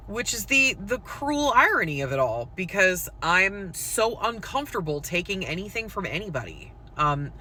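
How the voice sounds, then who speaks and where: A woman speaks candidly to the camera about her own life, in a loose, conversational way with plenty of fillers. Her voice is bright and pointed, with a forceful edge. A faint hum of noise sits under her talk. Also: mid-range voice, sing-song, normal speed, hardly any pauses. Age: adult with school-age children. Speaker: poet and content creator. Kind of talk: candid personal storytelling to camera.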